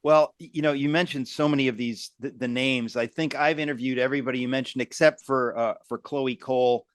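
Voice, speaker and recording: Male host, mid-pitched voice, exclamatory, talks straight to viewers, dry sound. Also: fairly even intonation, fairly quick, no echo. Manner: exclamatory, addresses viewers directly. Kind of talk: conversational interview.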